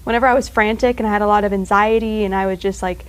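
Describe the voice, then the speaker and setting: A woman's voice: medium pitch, steady tone, poor audio. Chatty young woman who rambles happily. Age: teens. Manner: rambling, full of filler words and quick laughs. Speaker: student guest. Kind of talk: casual chat.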